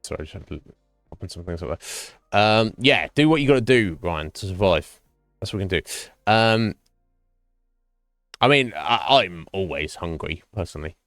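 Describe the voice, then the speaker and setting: A man's voice: low voice, expressive, moderate pace, long pauses, a bit bright, no room sound. A man streaming a game and chatting casually with his viewers, musing aloud with lots of fillers and restarts. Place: home streaming setup. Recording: dry close mic, faint game music behind.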